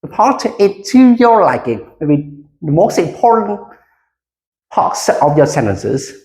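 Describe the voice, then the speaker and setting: An English teacher giving a classroom micro lesson, speaking slowly and deliberately with frequent hesitations and leading the class in repetition. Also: mid-range voice, sing-song, a little mellow. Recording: roomy echo.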